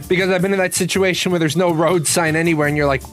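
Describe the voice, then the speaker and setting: A man's voice: fairly high pitch, moderate pace, soft background music. A man hosting a livestream, telling a rambling, profane story with many restarts. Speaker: host. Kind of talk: casual livestream chat.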